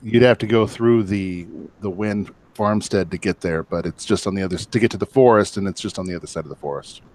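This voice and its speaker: A man's voice: deep voice, fast talker, darkish tone. A man running a tabletop game as game master, answering players in an easygoing way. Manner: easygoing, brief confirmations.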